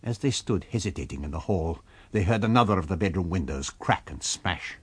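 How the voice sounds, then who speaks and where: Deep, husky male audiobook narrator. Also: expressive, fairly quick, no echo. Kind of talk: scripted narration.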